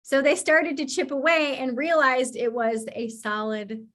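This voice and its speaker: A woman hosting a podcast, telling stories in a lively, casual way, laughing often and swearing freely. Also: high voice, a little slow. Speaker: podcast host.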